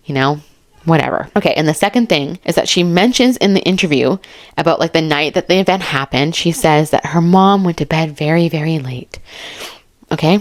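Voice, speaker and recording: A woman giving casual, excitable true crime commentary to her viewers, chatty and often laughing as she reads messages aloud. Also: deep voice.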